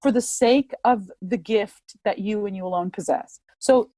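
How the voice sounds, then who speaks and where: Reflecting earnestly in a candid interview, an opera singer peppers her speech with "like." She has a warm, mid-range voice and a measured pace, captured in a dry recording.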